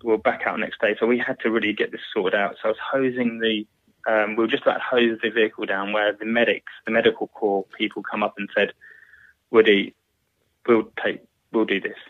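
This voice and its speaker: A British man in his thirties recounts a hard story in a low, flat voice, halting and restarting as he goes. The sound is thin and phone-like, with no room sound at all. He speaks plainly, as a guest talking through his memories. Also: dry recording. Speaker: guest, former soldier. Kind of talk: recounting a war story in an interview. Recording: tinny phone-like line, dry.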